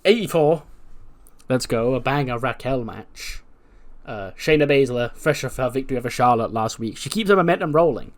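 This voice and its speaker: A man's voice: medium pitch, expressive, normal speed. A man casually recapping a wrestling management game, chatty with fillers. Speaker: let's play host.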